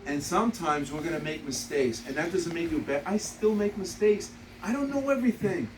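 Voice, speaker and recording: A man's voice: a little high, a little fast. A man in his fifties leading a motivational sales training session, blunt and repetitive, laughing through his stories. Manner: animated storyteller, laughs through anecdotes; blunt, repeats key points. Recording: roomy, distant, noisy room recording.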